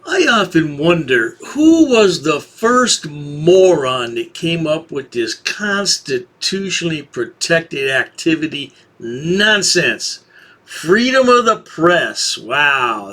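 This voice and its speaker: Sarcastic husky-voiced man mocking. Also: fairly high pitch, expressive, takes it slowly, bright, forceful tone. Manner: sarcastic, taunting. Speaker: commentary channel host. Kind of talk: mocking video commentary.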